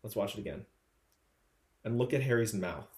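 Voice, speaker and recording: Animated young man gossiping, lively voice. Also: fairly low pitch, moderate pace, reverberant, a little hiss or hum. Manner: animated gossiping, acts out quotes. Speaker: podcast co-host. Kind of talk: casual chat.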